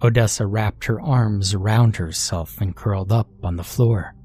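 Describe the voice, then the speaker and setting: A man reading a horror story aloud as scripted narration, measured and deliberate. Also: lowish voice, darkish tone, breathy edge.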